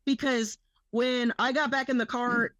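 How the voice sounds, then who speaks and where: Brief: young woman, slightly high voice, casual podcast storyteller who swears a lot, dry close mic. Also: fairly even intonation, unhurried, a bit bright, no room sound. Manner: rambling, swears freely, quotes people in her story. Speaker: podcast co-host.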